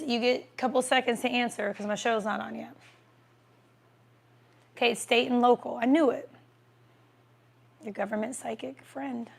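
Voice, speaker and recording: A woman's voice: on the high side, creaky, a bit bright. A woman hosting a casual livestream, chatting as she answers viewer comments and eats. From American Midwest. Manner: chatty, reads comments aloud, talks while eating.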